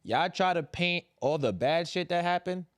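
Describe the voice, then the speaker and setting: A young adult man on a podcast, recapping a TV finale in casual, profane, animated chat and acting out quotes. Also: sits high, normal speed, dry recording, studio quality. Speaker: podcast co-host.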